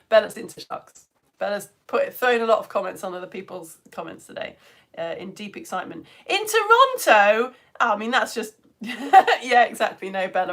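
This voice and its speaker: Bubbly, lively-voiced woman teacher. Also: mid-range voice. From United Kingdom. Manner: bubbly, chatty, laughs often, rambling. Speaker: online science teacher for home educators. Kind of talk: live-stream chat reading out viewer comments.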